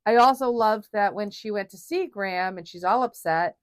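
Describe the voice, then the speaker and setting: A woman's voice: mid-range voice, normal speed, no echo, clean studio sound. A woman co-hosting a podcast, chatting casually and enthusiastically about a film and acting out its scenes. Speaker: podcast co-host.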